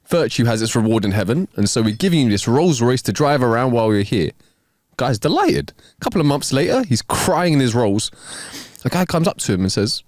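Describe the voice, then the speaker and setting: Podcast co-host, man, very lively pitch, dry close sound, reads jokes and cracks up. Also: brisk, no echo. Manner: animated, laughs a lot while reading jokes. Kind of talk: casual joke-telling chat.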